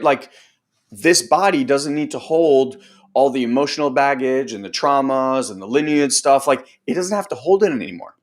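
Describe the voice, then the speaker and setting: A man hosting a group training talk as a coach, speaking casually and loosely, with lots of fillers and the odd swear word. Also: medium pitch. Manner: acts out other people's voices in quotes. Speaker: host and personal growth coach.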